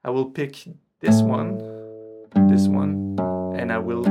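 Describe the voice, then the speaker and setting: A man teaches guitar in a loose, relaxed way, counting the beats out loud. His voice has a gravelly, creaky edge, and clear guitar playing sits under his words. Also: medium pitch, unhurried. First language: French. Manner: relaxed, counts beats aloud while explaining. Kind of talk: casual online guitar lesson. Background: his own guitar.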